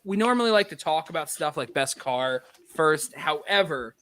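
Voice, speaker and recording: A man's voice: a little high, animated, normal speed, a bit bright, no echo. A man hosting a casual group podcast about a movie, talkative and leading the conversation with frequent restarts. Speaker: podcast host.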